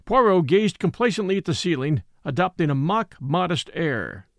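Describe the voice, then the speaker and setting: A male narrator reads a mystery aloud with animated, expressive intonation. His voice sits somewhat high and the recording is close and dry. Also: normal speed, gravelly, few pauses, no room sound. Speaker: host and narrator. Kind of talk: audiobook narration.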